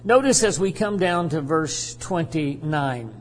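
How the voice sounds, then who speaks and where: A man preaching a sermon in a slow, deliberate way, repeating his phrases as he teaches from scripture in a church. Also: fairly high pitch, lively intonation, big-room sound. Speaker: pastor.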